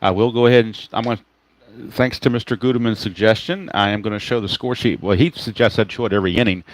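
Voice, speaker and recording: A man's voice: fairly low pitch, poor audio. A man calling a solo tabletop baseball game in a casual play-by-play style, chatty and self-correcting, muttering to himself while he hunts for cards.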